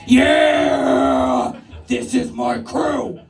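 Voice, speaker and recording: A woman's voice: high-pitched, sing-song, very slow, vocal fry, darkish tone, shouting, recorded from a distance. A woman in her thirties doing a stand-up comedy set, working the crowd with brash, crude banter and frequent laughter. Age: 30s. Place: live club stage with audience.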